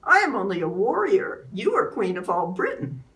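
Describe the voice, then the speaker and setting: A woman reading aloud and voicing a steady woman warrior who speaks calmly and earnestly. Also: medium pitch, moderate pace, distant mic, pitched above the performer's own voice. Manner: calm, earnest.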